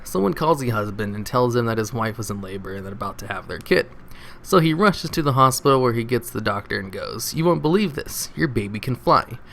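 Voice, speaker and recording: A man's voice: medium pitch, a little hiss or hum. A man reading jokes from online posts aloud, adding laughing asides and comments between them. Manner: reads flatly, then laughs and comments on the jokes.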